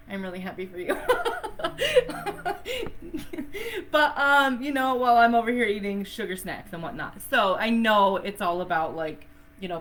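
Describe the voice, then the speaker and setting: A woman's voice: mid-range voice, fairly bright tone, a little hiss or hum. A woman teaching breathwork on a live online session, chatty and effusive, laughing often and using a lot of fillers. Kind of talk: casual live-stream teaching.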